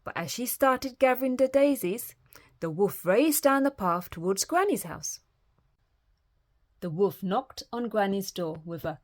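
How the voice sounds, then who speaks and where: A woman storyteller reading children's fairytales aloud in a lively, expressive way. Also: medium pitch, unhurried.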